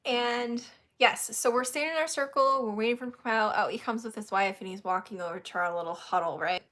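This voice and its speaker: A woman host telling a story in casual chat, animated, laughing often and acting out what others said. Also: a little high, fast.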